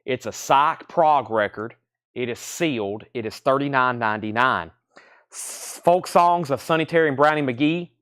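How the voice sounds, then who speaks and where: A man hosting a live online record sale. He briskly lists titles and prices and repeats them as he goes. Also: mid-range voice, fairly bright tone, clean tone. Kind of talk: live online sales stream.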